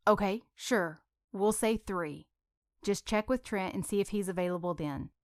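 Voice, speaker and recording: A woman's voice: medium pitch, dry recording, clean studio sound, close to an everyday voice. A woman voicing a nervous, polite young man who hesitates as he talks, in a storybook reading. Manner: hesitant, halting when nervous.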